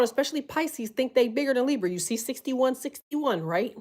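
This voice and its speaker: A woman giving a loud, animated, profanity-filled casual tarot reading, full of slang. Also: high voice, brisk, hardly any pauses. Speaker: tarot reader.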